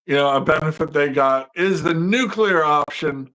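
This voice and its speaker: Emphatic male co-host, slightly high voice. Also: normal speed, pushed and bright, rough recording. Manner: emphatic, ends points with "right?". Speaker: podcast co-host. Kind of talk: casual political talk.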